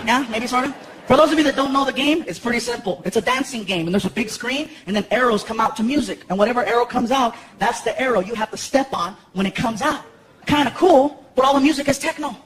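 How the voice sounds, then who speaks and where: A man in his thirties tells stand-up stories on a stage in front of a live audience. His voice sits very high, and he acts out characters with high shouting voices. The live recording carries a noticeable hiss. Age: 30s. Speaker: stand-up comedian. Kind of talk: stand-up comedy storytelling. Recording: noisy live show recording.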